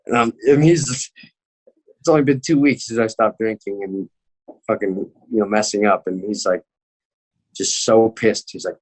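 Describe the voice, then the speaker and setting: A man's voice: fairly low pitch, moderate pace, pauses often. A young man, an MMA fighter, telling a story in casual chat, cursing constantly and acting out the people he quotes.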